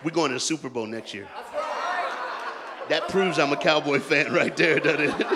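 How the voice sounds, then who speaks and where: A man preaching a sermon in a loose call-and-response style, joking in colloquial asides and swinging between shouted rallying lines and hushed, quiet talk. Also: fairly high pitch, normal speed, over a noisy crowd, very noisy. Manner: jokey, colloquial and emphatic. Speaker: pastor. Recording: long hall reverb.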